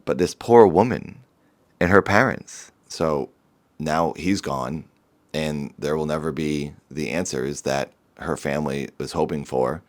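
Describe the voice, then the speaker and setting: Very deep-voiced earnest male vlogger. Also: measured pace. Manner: earnest, somber, rambling with many restarts. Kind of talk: personal talk to camera.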